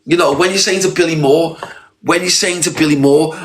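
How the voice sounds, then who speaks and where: A man's voice: on the high side, steady tone, fairly quick. A man from Liverpool with a Scouse accent, ranting in a livestream call-out, repeating himself and swearing. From Liverpool, England. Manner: repetitive, confrontational, swearing. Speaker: live streamer.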